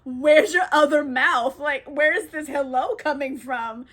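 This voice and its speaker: A woman voicing a drunk, boorish male ship's cook who blusters loudly and crudely. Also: high voice, slow.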